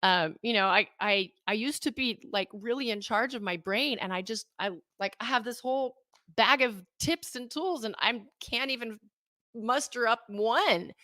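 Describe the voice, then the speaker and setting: Animated woman telling her story, dry sound. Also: fairly high pitch, normal speed, no room sound. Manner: animated, acts out her own past thoughts in quotes; candid, self-mocking, laughs at herself. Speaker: interview guest, life coach. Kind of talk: personal storytelling in a podcast interview.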